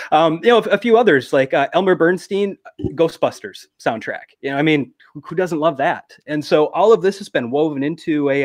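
A man's voice: mid-range voice, no echo, clean studio sound. A man with a Minnesotan accent, a guest musician chatting casually and laughing easily on a video call. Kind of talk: casual interview chat.

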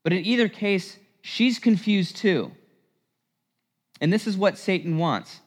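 A man preaching a sermon in a church, animated and emphatic, with rhetorical questions. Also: high voice, unhurried. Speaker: priest preaching. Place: church sanctuary. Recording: long church reverb.

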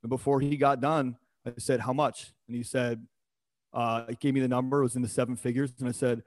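A man on a podcast, talking in an emphatic, motivational way with blunt and sometimes coarse words. His voice sits at a middle pitch, and the recording is dry and close, with no room sound around him. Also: fairly even intonation, a little fast, darkish tone, no echo. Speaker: podcast guest, performance coach. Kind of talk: casual podcast conversation.

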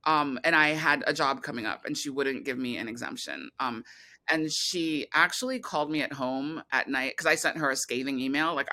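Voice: mid-range voice, expressive, moderate pace, sharp tone. A filmmaker talking as a guest in an interview, rambling with many fillers and restarts. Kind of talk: casual interview talk.

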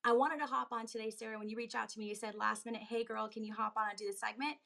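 A woman's voice: little pitch movement, fast, creaky, bright, forceful tone. A woman fitness coach giving an emphatic motivational talk on a live stream, building to urgent, pressing delivery. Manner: emphatic, rising to pitched urgency. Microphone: phone on a live video.

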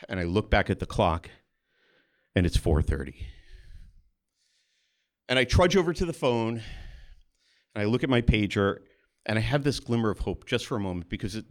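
A man telling a first-person story on stage in a conversational way, with small restarts, acting out the other people he quotes. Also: lowish voice. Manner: animated, acts out the voices of others in his story. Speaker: storyteller, pediatric oncologist.

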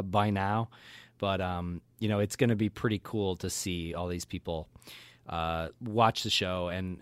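A man's voice: deep voice, clear, resonant tone, no echo. A man who hosts a podcast, speaking earnestly and a little hesitantly, with restarts. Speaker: podcast host. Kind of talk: casual chat.

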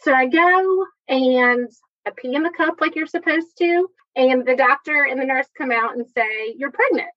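A woman, telling her personal story in a chatty, earnest way with quick asides. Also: high-pitched, muffled recording. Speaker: guest sharing personal story.

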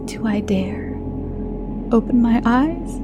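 A woman narrating horror stories in a hushed voice that often sinks into a whisper. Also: on the high side, expressive, takes it slowly, loud music behind the voice.

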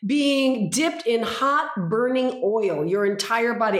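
A woman's voice: a little high, measured pace, hardly any pauses. An older woman in her sixties, a guest in an interview, telling stories intensely and dramatically. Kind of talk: interview conversation. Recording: roomy echo.

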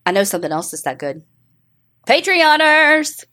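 A woman's voice: high-pitched, sing-song, normal speed, sharp tone. A middle-aged woman co-hosting a podcast in casual chat, swearing freely and laughing often. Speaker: podcast co-host.

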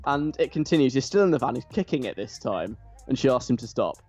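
A man's voice: mid-range voice, lively intonation, fast, darkish tone. A man hosting a radio show, chatty and enthusiastic. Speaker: radio host. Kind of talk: casual radio chat. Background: faint music.

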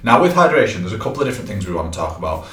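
A man's voice: on the low side, big pitch swings, racing, a bit bright. A man, a personal trainer co-hosting a podcast, chatting casually and explaining tips, with lots of fillers. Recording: echoey room, a bit far from the mic.

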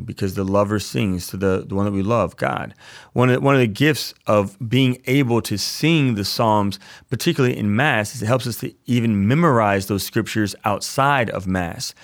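A man's voice: on the low side, normal speed, dry recording, studio quality. A man, a priest hosting a podcast, teaching casually in an earnest, enthusiastic way, often repeating himself.

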